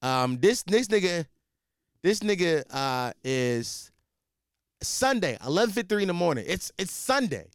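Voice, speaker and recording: A man hosting a podcast, telling a comic story in a profane, rambling, animated way. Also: sits high, measured pace, clean tone, no room sound, studio quality. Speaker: podcast host. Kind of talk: comedic storytelling.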